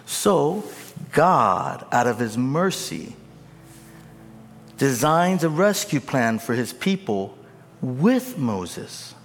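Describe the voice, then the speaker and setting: A man preaching a sermon, swinging from loud, high emphatic peaks to low, casual asides. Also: big pitch swings, drawn-out words. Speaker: pastor. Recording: long hall reverb.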